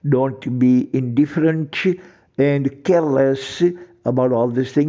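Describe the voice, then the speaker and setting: A teacher lectures to camera in a steady, warm, mid-range male voice at a moderate pace, though the audio sounds dull. He speaks emphatically, repeats phrases, and leans on ornate vocabulary.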